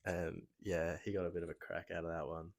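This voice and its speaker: A young man from Australia with an Australian accent, chatting casually as a podcast guest, relaxed and dryly teasing. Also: sits low, brisk. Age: young adult. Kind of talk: casual chat.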